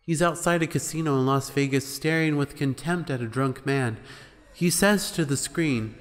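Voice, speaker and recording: A man's voice: a little high, normal speed, long reverb tail. A man reading a creepypasta horror story aloud in a casual storytelling manner. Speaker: creepypasta narrator.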